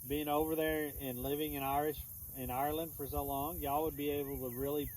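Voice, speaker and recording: A man's voice: on the high side, little pitch movement, brisk, few pauses, a little mellow, slight background noise, rough recording. A man with a Texan accent, chatting casually with his stream viewers in a rambling, easygoing way, with many restarts. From Texas. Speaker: streamer answering chat. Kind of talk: casual chat. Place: outdoors in the countryside. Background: crickets and insects chirping faintly.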